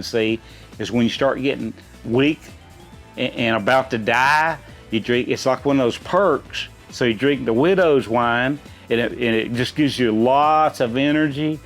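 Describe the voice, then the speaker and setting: Rambling middle-aged dad, folksy talk. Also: male voice, mid-range voice. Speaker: quiz host, a gamer's dad answering questions. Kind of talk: casual chat.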